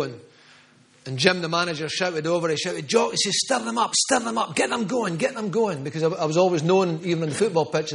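A man's voice: fairly high pitch, fairly bright tone. A middle-aged man preaching a charismatic sermon with prophetic words, fervent and emphatic, repeating phrases for stress. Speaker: pastor.

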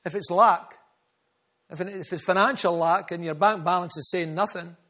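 A man's voice: high-pitched, fairly even intonation, moderate pace, sharp tone. A man preaching a sermon, fervent and rhythmic, calling out members of the congregation by name. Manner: rhythmic repetition, builds in volume.

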